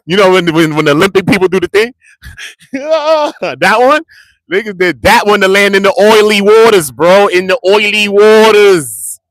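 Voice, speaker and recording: A man rambles to the camera in heavy slang, joking and repeating himself. His voice sits fairly high, with lively swings and a bright, forceful edge. The sound is close and dry. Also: dry recording. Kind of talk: casual rambling talk to the camera.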